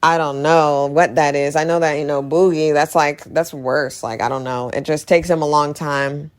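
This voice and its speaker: Chatty low-voiced woman recapping a movie. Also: fairly even intonation, normal speed. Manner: chatty, opinionated, full of "like" and "literally". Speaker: movie reviewer.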